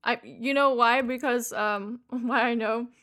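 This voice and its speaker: Playful podcast co-host, woman, high bright voice, teasing banter. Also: steady tone. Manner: playful, teasing, quick laughs. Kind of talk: casual chat about a TV show.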